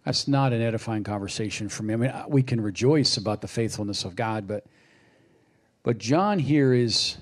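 A man preaching a sermon, unhurried and reflective, with lively acted quotes. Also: fairly low pitch.

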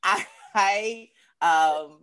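Woman telling a lively story. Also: mid-range voice, very slow, slight background noise. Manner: lively, acts out quoted voices, repeats words. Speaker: guest. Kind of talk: casual storytelling chat.

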